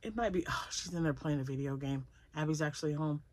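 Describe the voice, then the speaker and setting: An older woman who vlogs about crochet chats casually at home about her projects, talking fast in a low voice. She rambles and laughs often.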